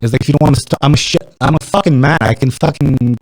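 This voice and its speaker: A man's voice: mid-range voice, quick pace, dry recording, studio quality. A man from Romania, hosting a podcast in casual, rambling, profane chat. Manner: profane, rambling, blunt storytelling. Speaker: podcast host. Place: small podcast studio.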